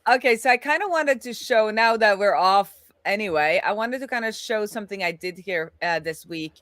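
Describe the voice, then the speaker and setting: A woman's voice: mid-range voice, normal speed, a bit bright, dry recording. Chatty woman live-streaming code, dry close mic. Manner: chatty, thinks aloud with restarts. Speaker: co-host, web developer. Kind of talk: live-stream coding chat.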